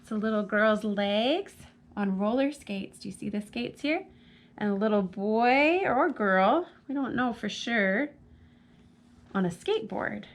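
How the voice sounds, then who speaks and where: Slow, chatty woman reading storytime. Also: mid-range voice. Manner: chatty, addressing kids directly with frequent questions. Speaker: children's librarian hosting storytime. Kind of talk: storytime reading to young children. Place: library. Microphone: camera mic.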